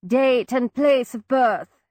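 A woman voicing a plain, stern but kindly matron who asks brisk official questions. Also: high voice, darkish tone, no echo, studio quality, pitched above the performer's own voice.

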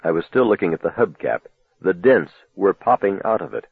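A man narrating a novel in the first person, telling it in a measured, low, dramatic manner. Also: expressive, breathy edge, no echo. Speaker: audiobook narrator. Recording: tinny phone-like dry recording.

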